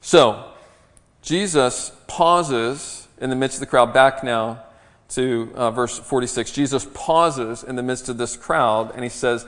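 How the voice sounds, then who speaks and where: A man's voice: medium pitch, slow pace, a bit bright. A man preaching a sermon as pastor, earnest and teaching, often restarting his words. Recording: long hall reverb.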